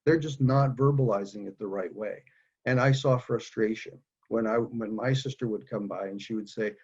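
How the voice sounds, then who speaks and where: A man speaking earnestly and haltingly about caring for his parents, in a candid conversation over a video call. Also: mid-range voice, a little mellow, slightly rough, lo-fi sound. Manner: earnest, halting, many restarts. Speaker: guest speaker.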